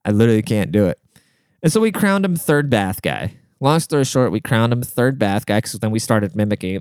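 Man telling a foul-mouthed story, smooth voice. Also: lowish voice, fairly quick, no room sound, studio quality. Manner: profane, animated, exasperated. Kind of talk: casual storytelling monologue.

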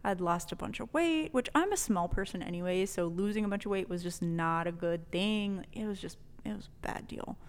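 Animated woman telling a story, reverberant. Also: mid-range voice, fairly quick, few pauses, smooth. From New Mexico. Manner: animated, swears freely, laughs often. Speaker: podcast guest telling a story. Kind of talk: casual storytelling.

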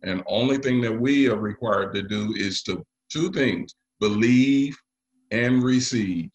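A man preaching a sermon to his congregation, often pausing with fillers. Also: lowish voice, muffled recording. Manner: leads the congregation in call and response; halting, with frequent pauses and fillers. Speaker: pastor.

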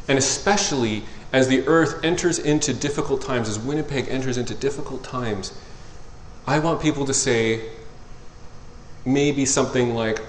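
A man preaching a sermon as pastor, rising loud as he reads scripture and dropping soft and tender when he speaks of love. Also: medium pitch, moderate pace, slight background noise. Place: church sanctuary. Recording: roomy church echo.

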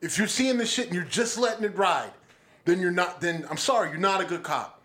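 A man with a slightly higher voice talks in a loose, heated way, swearing freely and pressing his point. He is co-hosting a casual studio chat. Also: fairly quick, fairly bright tone. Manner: blunt and profane, heated. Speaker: podcast co-host.

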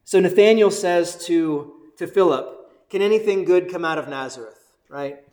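Man, pastor, sermon, excited and chatty, higher voice, echoey room. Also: moderate pace. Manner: energetic, conversational, keeps asking "right?"; excited, bouncing while preaching.

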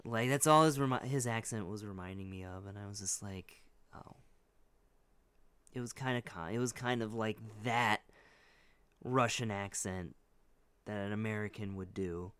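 A man's voice: on the low side, moderate pace, fairly bright tone, smooth, dry recording. A man co-hosting a podcast, chatting casually and rambling, hedging with many restarts. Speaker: podcast co-host. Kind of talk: casual chat.

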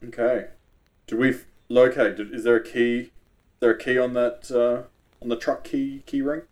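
A man's voice: medium pitch, level tone, moderate pace, a little mellow. A man playing a tabletop game, chatting and asking questions with some hesitation. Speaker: player.

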